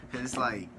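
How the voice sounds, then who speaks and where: A young adult man joking offhandedly in a casual vlog chat. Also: mid-range voice. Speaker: vlog co-host. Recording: noisy home recording.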